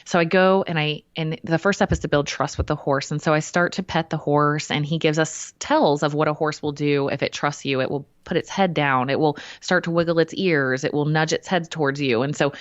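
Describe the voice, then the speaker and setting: A woman, a podcast guest, telling a personal story in a lively way and acting out what people said. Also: low voice, brisk, few pauses, no echo, muffled recording. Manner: animated storyteller who acts out quotes.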